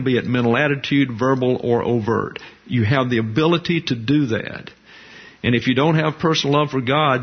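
A man preaching in a deliberate teaching manner, pausing and repeating words for emphasis. His voice sits at a middle pitch. The recording sounds slightly dull and lo-fi. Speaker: pastor. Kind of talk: sermon.

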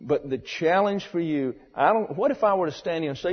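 A man's voice: fairly high pitch, expressive, brisk, few pauses. A man preaching a sermon to his church in a blunt, wry way, asking his listeners questions. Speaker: pastor. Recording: dull echoey church recording.

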